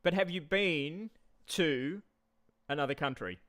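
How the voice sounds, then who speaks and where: A man's voice: on the high side, measured pace, fairly bright tone. Rambling man chatting live. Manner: rambling, repeats himself, talks straight to chat. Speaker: live streamer. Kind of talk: casual live-stream chat.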